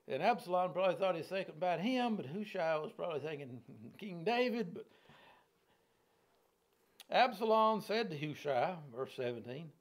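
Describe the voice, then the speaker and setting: A man's voice: high-pitched, expressive, normal speed. A middle-aged man leading a casual verse-by-verse Bible study, folksy and chuckling, often putting questions to his listeners.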